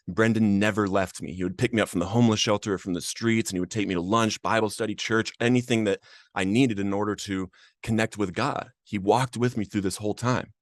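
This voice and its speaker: A podcast host shares his own story of recovering from addiction, speaking earnestly and with emotion. His voice is lowish, captured in a dry, studio-quality recording.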